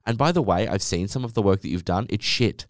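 A man's voice: on the low side, expressive, brisk, no room sound, studio quality. A man hosting a solo podcast, talking in a sarcastic, rambling way and swearing often. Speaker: podcast host.

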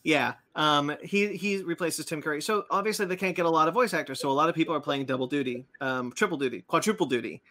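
A man's voice: fairly high pitch, fast, hardly any pauses, pushed and bright. A man hosting a casual podcast chat, rambling with many fillers and restarts. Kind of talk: casual chat about comics and cartoons.

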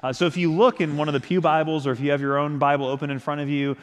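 A man's voice: a little high, flat delivery, rapid-fire. A man preaching a sermon as pastor, speaking in a reflective, conversational way with small restarts. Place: church sanctuary. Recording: long church-hall reverb.

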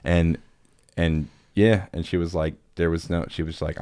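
A man's voice: deep voice, flat delivery, a little slow, dark tone, no room sound. A man hosting a podcast, telling rambling, self-deprecating stories in casual chat. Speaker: podcast host.

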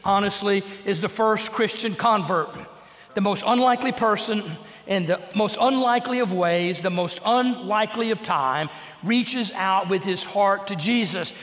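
A man delivers a sermon in an earnest, emphatic manner. His voice sits high for a man. The sound rings with the long reverb of a church sanctuary. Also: fairly bright tone. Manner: earnest, emphatic preaching with dramatic acted quotes. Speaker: pastor.

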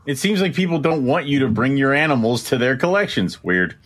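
A man co-hosting a podcast and ribbing his partner in a dry, teasing tone. His voice sits at an average pitch for a man. He talks in a relaxed, chatty way. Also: fairly quick. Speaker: podcast co-host. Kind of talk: casual podcast chat.

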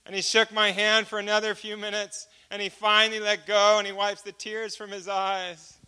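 Brief: male preacher giving a personal testimony, high and bright, lively storytelling with acted-out exchanges. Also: normal speed, hardly any pauses, clear, resonant tone. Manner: animated storyteller who acts out dialogue.

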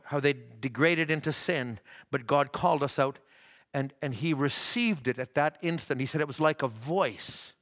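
A pastor preaching a sermon in church, rising to fervent shouts, with frequent halting restarts. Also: male voice, medium pitch.

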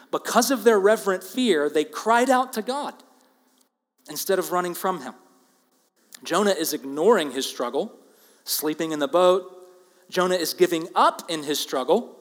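A man preaching an expository sermon, earnest and emphatic, with loud stresses and quiet asides. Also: sits high. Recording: long reverb of a large hall.

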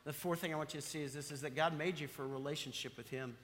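A pastor delivers an emphatic sermon in a high, forceful voice, hammering his points home by repeating them and asking the congregation questions. His words ring out with the long reverb of a large church sanctuary. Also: steady tone, fast talker.

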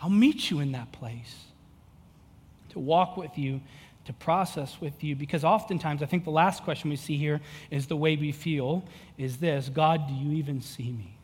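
His voice fairly high and husky, a pastor in his thirties preaches at normal speed in a large church hall that lends a long reverb tail. He moves from relaxed, earnest storytelling to a fervent, rising pitch of passion.

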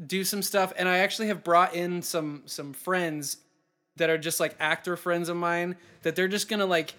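A man hosting a comedy podcast game show, chatting in a playful, rambling way with quick laughs. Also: high voice, steady tone, sharp tone. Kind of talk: casual comedy podcast chat.

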